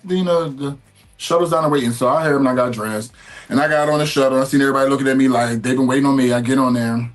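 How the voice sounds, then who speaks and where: A man in his thirties, a former player, telling an animated story in an interview and acting out quotes with laughs. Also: mid-range voice, very fast.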